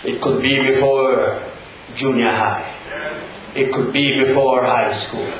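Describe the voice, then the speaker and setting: An older man preaching a funeral sermon, rising to impassioned shouts and dropping to hushed tones. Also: medium pitch, fairly even intonation, takes it slowly. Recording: very echoey hall with crowd.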